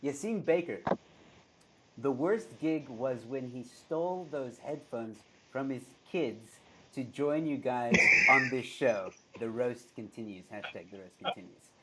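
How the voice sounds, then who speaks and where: A man's voice: mid-range voice, unhurried, background noise. Laid-back man hosting a live stream. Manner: laughs often, reads viewer comments aloud. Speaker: host. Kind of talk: casual live-stream chat.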